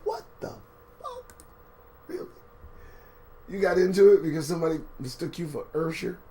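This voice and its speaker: A man hosting a casual live-stream commentary show. His voice sits a bit high for a man and swings widely as he jokes. He swears freely and riffs sarcastically on the news he reads out. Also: normal speed. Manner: animated, profane, sarcastic riffing. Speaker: show host.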